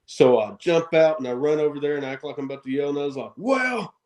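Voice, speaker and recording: A man's voice: fairly high pitch, fairly even intonation, quick pace, mellow, echoey room. Laughing man telling brash wrestling stories. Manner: boastful, laughing, filler-heavy. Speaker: wrestling guest. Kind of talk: casual storytelling interview.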